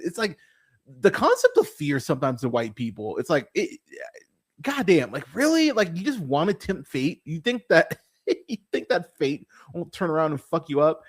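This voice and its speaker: A man's voice: fairly high pitch, normal speed, breathy edge. A man hosting a movie review podcast, talking in a casual, profane, exasperated rant. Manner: animated, swearing, exasperated.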